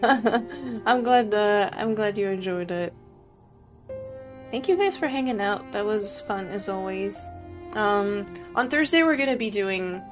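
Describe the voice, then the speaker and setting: A young woman streaming a game, chatting casually and sleepily with her chat, rambling with many fillers. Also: medium pitch.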